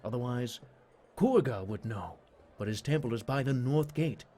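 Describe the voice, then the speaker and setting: A man voicing a calm, courteous male assassin with a measured, formal delivery. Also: mid-range voice, a little hiss or hum, lightly acted.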